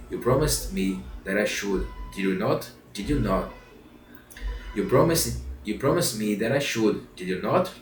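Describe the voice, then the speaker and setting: Pinocchio, the lazy but eager wooden puppet boy from a storybook, read by a man with a low voice, earnest and repeating his promises. The sound is roomy and a bit distant, with faint music underneath. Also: close to an everyday voice. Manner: earnest, repeats phrases over. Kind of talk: storybook reading.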